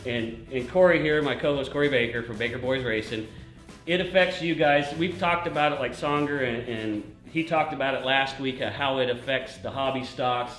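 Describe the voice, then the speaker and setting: A man's voice: medium pitch, normal speed, fairly bright tone, roomy sound, soft background music, poor audio. A man hosting a casual racing talk show, joking and often laughing. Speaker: host. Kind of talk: casual chat.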